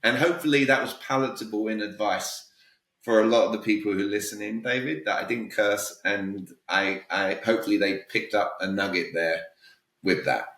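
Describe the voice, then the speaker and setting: A British man speaks as a guest coach in a podcast interview, direct and emphatic. His tone is bright and forceful. The recording is roomy and he sits a little away from the mic. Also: fairly low pitch, steady tone, normal speed, recorded from a distance. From Britain. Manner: direct, emphatic, peppers talk with "all right?". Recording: roomy echo, voice a bit off-mic.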